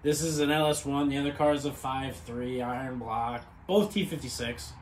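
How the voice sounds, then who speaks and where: A garage vlogger with a medium-pitched voice and fairly even intonation talks at a normal speed, casually rambling through a walkaround of his car in a small home garage and swearing freely. There's a little hiss or hum on the recording.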